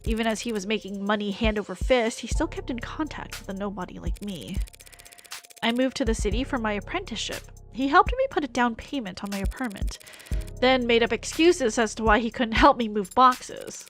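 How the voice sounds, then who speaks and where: A woman's voice: fairly high pitch, expressive, brisk, fairly bright tone, soft background music. A woman reading a cynical, sardonic lawyer. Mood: dry. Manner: dry, sarcastic, world-weary. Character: cynical, sardonic lawyer narrating a visual novel. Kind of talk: reading a game's lines aloud.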